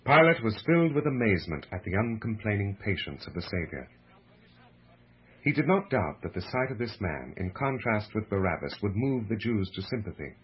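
A man narrating a religious book with a slow, measured, solemn delivery, heard on a muffled lo-fi radio recording. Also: lowish voice, sing-song, slightly rough.

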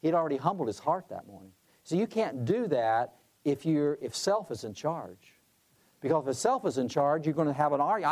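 A middle-aged man, president of a conference, shares a leadership story in a chatty style with asides and restarts. His voice is fairly high and darkish, moving fairly quickly with big swings in pitch.

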